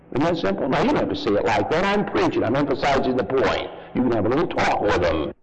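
A man preaching a fervent sermon as pastor, his voice leaping high for emphasis and then dropping low. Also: huge pitch swings, fast talker, long reverb tail. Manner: fervent preaching with sharp rises and drops in pitch. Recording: loud background noise.

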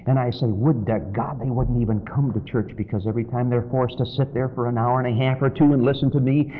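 A man preaching a sermon in church, swinging from loud, high exhortation to low, quiet warning. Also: fairly even intonation, fairly quick. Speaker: pastor. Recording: dull lo-fi sermon recording with faint noise.

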